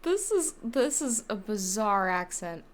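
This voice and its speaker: A woman's voice: medium pitch, very animated, a little slow. A woman streaming a game, chatting casually, laughing and swearing now and then. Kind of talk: casual gameplay commentary.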